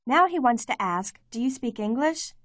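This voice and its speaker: A woman giving clear, measured scripted narration for a language course. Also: fairly high pitch, lively intonation, fairly bright tone, no echo, studio quality. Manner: clear, measured teaching delivery.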